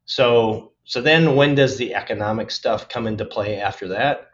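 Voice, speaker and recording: A man's voice: on the low side, normal speed, fairly bright tone, highs cut off. A man being interviewed on a podcast, talking casually and thoughtfully, often restarting phrases as he explains. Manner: thoughtful, restarts phrases, upbeat about the future. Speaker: podcast guest.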